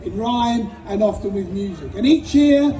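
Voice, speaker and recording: A man's voice: high-pitched, lively intonation, moderate pace, warm tone, faint music behind. A man narrating a folk play in rhyme, jovially teasing the audience. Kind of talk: rhyming storytelling to an audience. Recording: echoey distant outdoor stage with crowd.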